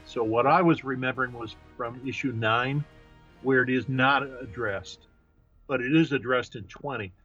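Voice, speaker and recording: A man co-hosting a comics podcast, explaining carefully with many pauses and fillers. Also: medium pitch, fairly bright tone, husky, muffled recording, faint music behind. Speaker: podcast co-host. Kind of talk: casual chat about comics.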